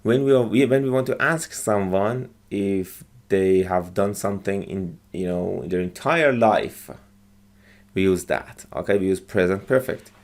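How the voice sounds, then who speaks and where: A man's voice: sits low, measured pace. A man teaching English by explaining short movie lines, patiently repeating phrases and checking with "okay?".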